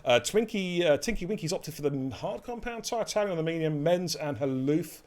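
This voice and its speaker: A man's voice: fairly high pitch, a little fast. A man hosting a live esports racing stream, joking, swearing and bantering while commentating. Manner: jokey, swears freely, energetic.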